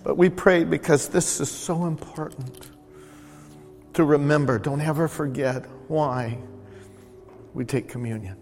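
A man's voice: fairly high pitch, measured pace, pauses often, soft background music. Man preaching in an echoey church. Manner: warm, conversational preaching with repeated emphasis. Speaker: pastor. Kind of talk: sermon. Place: church sanctuary.

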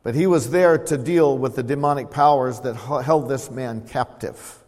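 A man preaching an expository sermon, earnestly explaining scripture and calling on the congregation to respond. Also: moderate pace. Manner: swells louder reading scripture, drops low to explain. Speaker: pastor. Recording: long hall reverb.

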